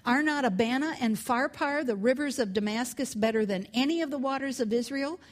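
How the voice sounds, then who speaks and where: A woman's voice: sits high, a little fast, natural voice. A woman reading as a resentful sick captain. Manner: resentful, complaining. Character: proud sick army captain, man, angry.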